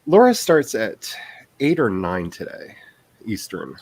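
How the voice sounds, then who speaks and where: A man's voice: fairly low pitch, wildly swooping pitch, slow pace, darkish tone, husky. A man who writes books, hosting a casual stream chat in a rambling, self-deprecating way and laughing often.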